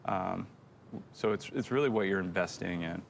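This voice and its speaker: A man's voice: sits low, moderate pace, creaky, a little hiss or hum. A middle-aged man co-hosting a church show, telling a rambling, self-deprecating story in casual chat.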